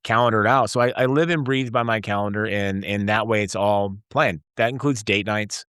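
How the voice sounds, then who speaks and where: Energetic man in his forties, low voice. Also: brisk, clean tone, no room sound, clean studio sound. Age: 40s. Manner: energetic storyteller, acts out dialogue. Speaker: guest entrepreneur. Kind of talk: casual interview conversation.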